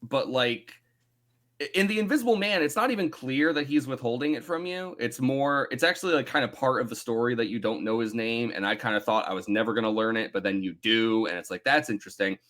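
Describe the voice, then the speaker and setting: A man in his thirties co-hosting a book club podcast, chatting casually, animated and self-mocking, swearing freely. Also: medium pitch, fairly quick, few pauses. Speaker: podcast co-host.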